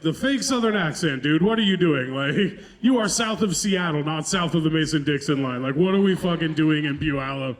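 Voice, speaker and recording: A man's voice: a little high, animated, a little fast, few pauses. A man doing a loose, profane stand-up set as the headliner, joking about himself in a chatty way. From Pacific Northwest, US. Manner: loose, profane, conversational, self-deprecating. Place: comedy club stage.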